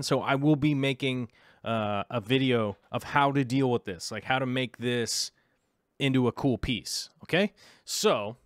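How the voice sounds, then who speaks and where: A man with a mid-range, slightly bright voice is heard in a dry, studio-quality recording. He vlogs about aquariums, chatting casually and rambling as he browses links, scatterbrained and interrupting himself while he looks things up.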